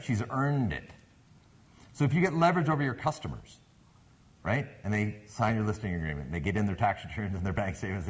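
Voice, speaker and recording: Man, Canadian accent, low husky voice, animated storyteller talking to a crowd. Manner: animated, engages the audience with questions. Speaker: sales speaker. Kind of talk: storytelling talk to a live audience.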